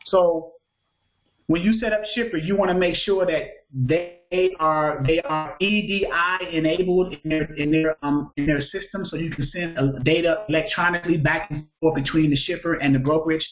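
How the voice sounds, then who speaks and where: A man's voice: on the high side, moderate pace, highs cut off. A man teaching a live freight broker training class, talking casually, repeating himself and checking that students follow. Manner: conversational, repeats phrases, checks understanding with questions.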